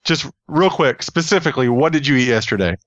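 A man's voice: medium pitch, animated, fairly quick, fairly bright tone, dry recording, muffled recording. A man hosting a casual chat who laughs often and keeps an easygoing manner.

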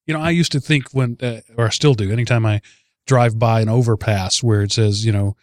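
A man's voice: lowish voice, fairly even intonation, fast, no echo, studio quality. A man hosting a casual podcast chat, telling a news story with amused chuckles. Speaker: podcast host.

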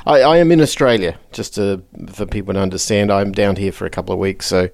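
A man co-hosting a podcast in casual chat over a remote connection, telling relaxed anecdotes. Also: fairly low pitch, quick pace, vocal fry, dry recording, studio quality. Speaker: podcast co-host.

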